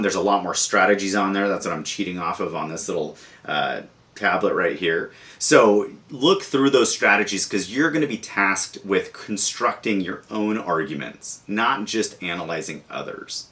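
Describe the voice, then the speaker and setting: A young man with a fairly low voice teaches a lesson to students. He talks in a relaxed, conversational way and keeps tying ideas to everyday classroom examples. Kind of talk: lecture video for students.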